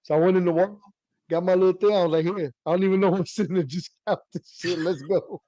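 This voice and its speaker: A middle-aged man, telling hobby stories in an animated, laughing casual chat. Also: high voice, quick pace, dry recording. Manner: animated storytelling, laughs while talking. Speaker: radio hobbyist guest.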